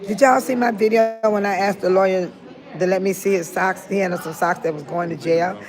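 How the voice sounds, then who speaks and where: An older retired woman chats casually with viewers on a phone livestream, laughing often and addressing them directly. Her mid-range voice moves quickly with fairly even intonation, and the phone is held close to her face.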